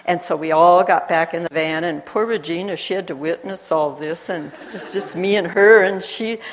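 A woman telling a personal story aloud, animated and acting out the voices of people she quotes. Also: on the low side, normal speed. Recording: long hall reverb.

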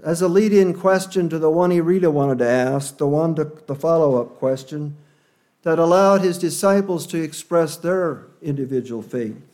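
A man preaching a sermon in an earnest, measured way, leaning hard on key words. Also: fairly high pitch, darkish tone.

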